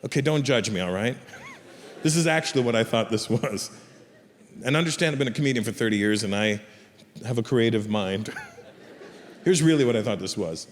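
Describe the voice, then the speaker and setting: Brash, profane stand-up comedian. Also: male voice, mid-range voice, normal speed, pauses often. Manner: brash, profane, animated storytelling. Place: theater stage before a live audience. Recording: reverberant live stage with crowd.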